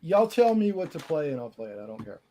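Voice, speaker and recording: Man, playful and easygoing, very lively voice, faint noise behind. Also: a little high, quick pace. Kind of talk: casual live stream chat.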